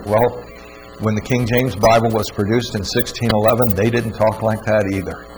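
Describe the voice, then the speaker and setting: On a low-quality recording with a faint mains hum, a man with a mid-range voice delivers a scripture teaching talk. He is earnest and emphatic, often repeating words.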